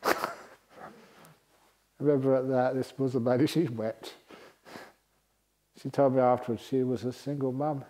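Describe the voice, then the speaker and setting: A man's voice: medium pitch, unhurried, long pauses. A man who is a Buddhist monk, telling stories in a dharma talk at a retreat centre, laughing often between lines. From England. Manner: laughing often, lively storytelling with voiced quotes.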